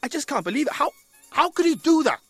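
High-voiced, bright, upset young man who stammers. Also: very animated, fairly quick, dry recording, soft background music, exaggerated voice. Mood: agitated. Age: young adult. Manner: agitated, stammering. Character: agitated young man wrongly jailed.

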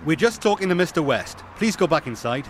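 An actor playing a police officer at a doorway, formal and insistent. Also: male voice, a little high, very animated, fairly quick. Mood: stern. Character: firm male police officer. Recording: outdoor street noise.

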